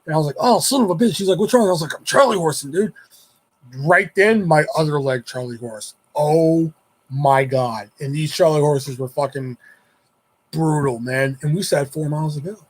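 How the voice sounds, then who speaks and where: A Houston-area man speaks fairly quickly in a voice that sits a little high for a man. Addressing his viewers directly, he tells a winding personal story, curses liberally, and voices his friends' lines as he goes, in casual storytelling style.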